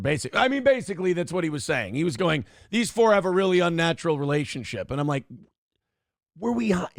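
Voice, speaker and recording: Animated, gravelly-voiced man telling stories. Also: a little high, a little fast, dry recording, studio quality. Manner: animated, swearing, acts out quotes with jumps in voice. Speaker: podcast host. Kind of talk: casual storytelling chat.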